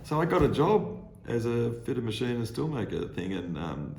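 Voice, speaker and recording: An older Australian man spins anecdotes in a casual podcast chat, acting out the people he remembers. His pitch moves a great deal as he talks. The room around him sounds echoey. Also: moderate pace, vocal fry. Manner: animated storyteller, acts out voices. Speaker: podcast guest, consultant. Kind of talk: casual storytelling.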